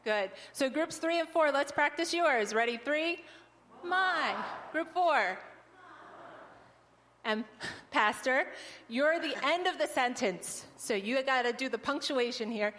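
A woman's voice: sits high, measured pace, fairly bright tone. A woman leading an audience through a group exercise, cheerful and teacherly, laughing often. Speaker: missionary presenter. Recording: long hall reverb.

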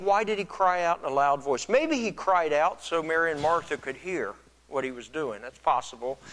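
An earnest male pastor delivers a sermon with a slightly higher-than-usual voice. He muses aloud and often restarts his words. He swells louder whenever he wants to stress a point. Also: low-quality recording.

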